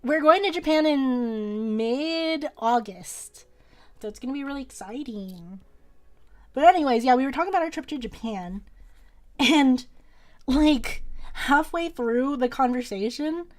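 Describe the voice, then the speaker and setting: A woman's voice: high voice, animated, unhurried. A young woman streaming from home, chatting casually and rambling as she draws, often laughing and repeating words. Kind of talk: casual chat while drawing on stream.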